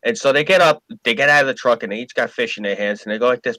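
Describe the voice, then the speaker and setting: A man telling a story on a casual podcast, animated and profane. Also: medium pitch, rapid-fire, no room sound, low-quality recording. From New York. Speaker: podcast co-host.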